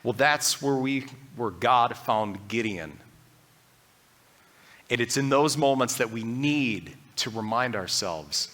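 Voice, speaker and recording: Bright-voiced earnest male preacher. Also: mid-range voice, animated, slow pace. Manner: earnest and conversational, acting out inner doubts. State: briefly choked up. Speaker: pastor. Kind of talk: sermon.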